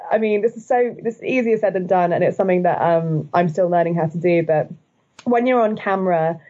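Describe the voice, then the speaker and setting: A woman's voice: on the low side, brisk, dark tone, dull audio. Chatty woman with upward inflection. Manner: upward inflection, frequent likes and laughs. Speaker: guest, video host. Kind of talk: casual podcast conversation.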